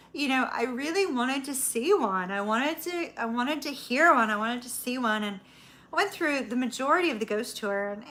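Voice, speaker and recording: A woman's voice: a little high, a bit bright. A woman host telling a personal story in a casual chat with her viewers, laughing often and swearing casually. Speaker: tarot reader, channel host.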